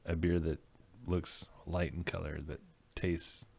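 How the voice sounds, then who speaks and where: A man chatting casually as a guest brewer, telling relaxed stories with plenty of "um"s. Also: low-pitched, slow, vocal fry, noisy background. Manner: relaxed storyteller, many "um"s. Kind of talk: casual chat.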